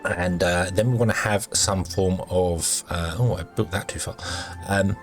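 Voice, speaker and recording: A man's voice: sits low, steady tone, measured pace, faint music behind. A man giving rambling, casual commentary while playing a game, full of ums and uhs and self-corrections. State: has the hiccups. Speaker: gaming video host.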